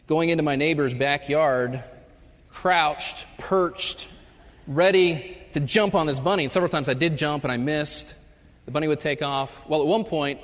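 A male professor giving a humorous chapel talk, telling stories and acting out the jokes in loud voices. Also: medium pitch, a little hiss or hum. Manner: storytelling, acts out jokes with loud shouted voices. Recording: long reverb of a large hall.

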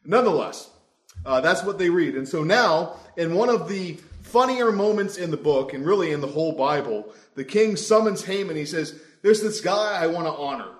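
Wry, animated young preacher. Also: male voice, on the high side, moderate pace. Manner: conversational, wry, animated storyteller. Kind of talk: sermon. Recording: roomy echo.

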